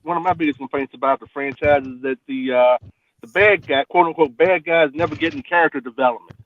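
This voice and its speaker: A man in a casual chat, explaining in a measured way with fan detail, on a muffled lo-fi recording. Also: a little high, a little hiss or hum. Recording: muffled lo-fi sound.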